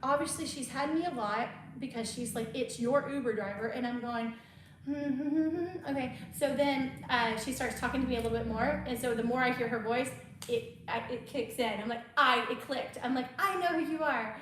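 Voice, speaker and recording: A woman's voice: a little high, fairly quick, fairly bright tone. A woman, chatting casually as host and telling stories with a lot of laughter. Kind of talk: casual chat. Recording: very echoey room, faint noise.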